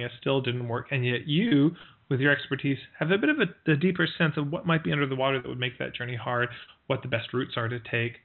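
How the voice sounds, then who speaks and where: A man's voice: mid-range voice, creaky. A man giving a spoken marketing lesson in a conversational way, full of fillers and restarts, telling stories to make his points. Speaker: marketing coach. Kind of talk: spoken teaching talk with stories. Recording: tinny phone-like audio.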